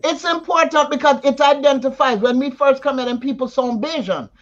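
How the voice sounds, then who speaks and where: A woman's voice: sits high, brisk. A woman with a Jamaican accent, raised partly in Jamaica, chatting in an interview and slipping into patois. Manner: animated, switching into patois. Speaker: interview guest. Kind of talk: casual conversation. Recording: dull lo-fi audio.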